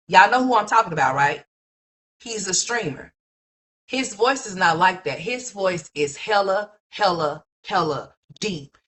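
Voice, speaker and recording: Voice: medium pitch, fairly bright tone. Livestream commentary host: blunt, profane gossip rant aimed at the audience, mid-range voice. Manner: blunt, profane, repetitive, talks straight to viewers. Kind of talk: ranting gossip commentary to live chat.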